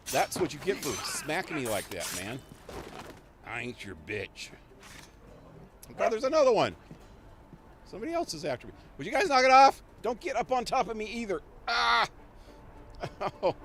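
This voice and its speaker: A man's voice: high-pitched, a little hiss or hum. A man livestreaming a video game, commenting casually, laughing often and swearing in passing. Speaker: gaming livestreamer. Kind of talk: live gameplay commentary. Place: small home.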